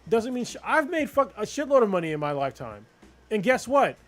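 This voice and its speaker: A man with a high-pitched voice rants on a casual podcast. He talks in a profane, animated way. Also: a little fast. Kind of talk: casual chat.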